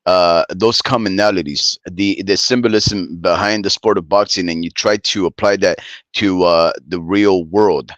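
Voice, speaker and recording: A man's voice: low-pitched, steady tone, a little slow, fairly bright tone, dry recording. A man hosting a casual boxing podcast, explaining his views at length in a rambling way. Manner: rambling, many fillers and restarts, explanatory.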